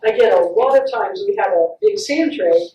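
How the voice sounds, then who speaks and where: A woman play therapist giving a faith-based parenting talk, telling stories with animated acted-out quotes. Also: mid-range voice, normal speed, lo-fi sound, a little hiss or hum. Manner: warm, animated storytelling with acted-out quotes and laughs. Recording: echoey room, picked up from a distance.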